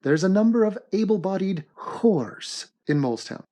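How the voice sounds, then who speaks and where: A man hosting an animated comedy commentary in a mock-serious, deadpan sarcastic manner. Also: sits high, normal speed. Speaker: host and narrator of an animated commentary.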